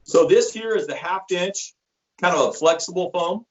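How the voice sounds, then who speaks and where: A man's voice: sits high, moderate pace, highs cut off. A middle-aged man telling stories and explaining products in a casual interview, acting out quoted voices. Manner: animated storyteller acting out quotes. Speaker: sales rep. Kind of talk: storytelling interview chat.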